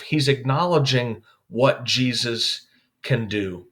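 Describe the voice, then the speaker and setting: A man's voice: mid-range voice, takes it slowly. Man giving a devotional Bible teaching. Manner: calm explanatory delivery with frequent "uh" fillers. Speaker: youth pastor.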